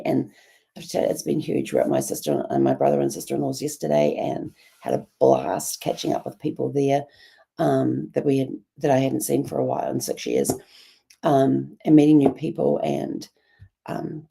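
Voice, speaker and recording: A middle-aged woman with a New Zealand accent, hoarse and raspy from a bad cough, talking in a rambling, reflective way with many ums. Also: very deep voice, dark tone. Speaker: journalling vlogger. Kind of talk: casual reflective monologue.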